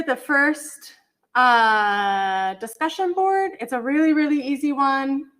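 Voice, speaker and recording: A woman's voice: high voice, expressive, takes it slowly, a bit bright. Chatty woman teacher on a video call. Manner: chatty, apologetic, hums while searching. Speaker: college English instructor. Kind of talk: online class walkthrough. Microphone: computer mic on a video call.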